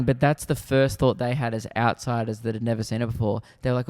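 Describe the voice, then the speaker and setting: A man's voice: medium pitch, fairly even intonation, a little fast, hardly any pauses, darkish tone, clear, resonant tone. A man co-hosting a podcast, chatting casually and rambling through stories. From Australia. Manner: rambling storyteller, laid-back. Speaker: podcast co-host, comedian. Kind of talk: casual chat.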